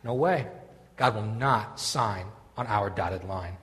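A male pastor preaching a sermon, animated and conversational, moving between loud scripture reading and quiet asides. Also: lowish voice, takes it slowly, in a large hall.

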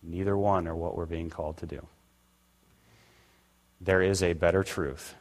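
A man's voice: sits low, fairly even intonation, a little slow, a little mellow. An older man preaching a conversational sermon as pastor, acting out the voices he quotes. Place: church sanctuary. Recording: long reverb of a church hall.

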